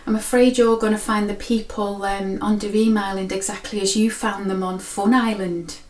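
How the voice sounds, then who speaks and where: A woman's voice: mid-range voice, little pitch movement, normal speed, recorded from a distance, lightly acted. A woman voicing a chatty, friendly ferryman who likes a natter. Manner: chatty, easygoing, sing-song. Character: chatty friendly middle-aged male ferryman. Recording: roomy echo.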